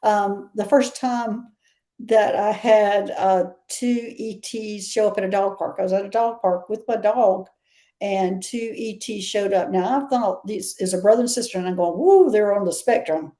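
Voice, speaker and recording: A woman's voice: mid-range voice, fairly even intonation, measured pace, mellow. A woman with a Southern US accent, a guest chatting and telling stories in an interview, often laughing. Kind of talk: casual interview storytelling.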